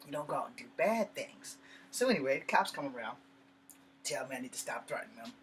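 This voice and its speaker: A man rants through a personal story in a blunt, cussing, heated way. His voice sits at an ordinary middle pitch. He is picked up from some distance off the mic, with a faint hum of ambience underneath. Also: very animated, fast talker. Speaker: vlogger. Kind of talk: casual storytelling rant.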